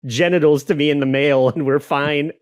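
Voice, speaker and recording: A man's voice: fairly high pitch, fairly even intonation, normal speed, smooth, no echo, clean studio sound. A man co-hosting a podcast, chatting casually with a wry, sarcastic edge. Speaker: podcast co-host.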